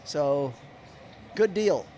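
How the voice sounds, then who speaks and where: A man's voice: fairly high pitch, animated, drawn-out words, warm tone, a little hiss or hum. A man giving live play-by-play of a baseball game on a stream, chatting in rambling asides with viewers. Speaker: livestream baseball commentator.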